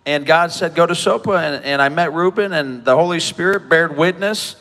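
A man giving an emotional personal testimony from a conference stage, halting and often repeating himself as he talks. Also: on the high side, fairly bright tone, long reverb tail. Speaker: preacher speaking at a conference.

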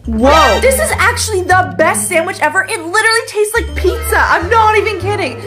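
A young woman vlogger with a very high voice, talking in a dramatic, excitable way and leaning on filler words. She films at home at night while clear music plays under her. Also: a little fast. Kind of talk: scripted skit vlog.

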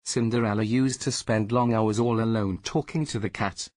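A man reading a fairy tale aloud as storyteller, slow and deliberate. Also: on the low side, steady tone, darkish tone, no room sound.

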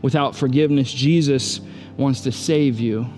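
A man's voice: medium pitch, fairly even intonation, moderate pace, a little mellow, faint music behind. A man preaching a sermon as a pastor, retelling the story in a casual, joking way and building to urgent, repeated appeals.

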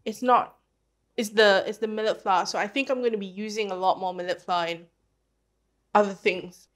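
A woman's voice: medium pitch, steady tone, normal speed. A young woman from Malaysia, a guest baker chatting effusively and enthusiastically, with lots of "like" in her talk. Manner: enthusiastic, effusive, many "like" fillers. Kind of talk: casual chat.

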